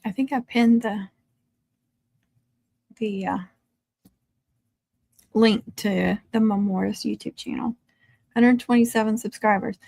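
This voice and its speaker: A woman's voice: medium pitch, steady tone, takes it slowly, gravelly, long pauses, darkish tone, no echo. A woman chatting casually on a livestream from her country home, laughing often and cooing to her dogs. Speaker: craft livestream host. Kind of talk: casual livestream chat with viewers.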